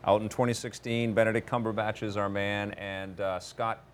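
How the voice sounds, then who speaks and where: A man's voice: on the low side, flat delivery, normal speed, a little hiss or hum. A man hosting a casual chat show, playful and teasing with his co-host. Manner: playful, teasing, loud opener.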